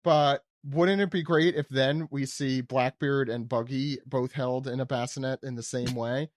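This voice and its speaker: A man's voice: mid-range voice, fairly even intonation, unhurried, dry recording, clean studio sound. A man joking and teasing in casual podcast banter. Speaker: podcast guest.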